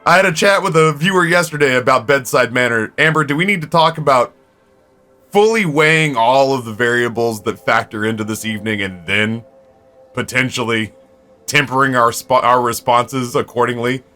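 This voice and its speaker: A man streaming a game from home, telling stories to his viewers in an animated, foul-mouthed, casual way. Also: medium pitch, normal speed, faint music behind. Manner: animated storyteller, swears freely. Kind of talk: casual chat with viewers while gaming.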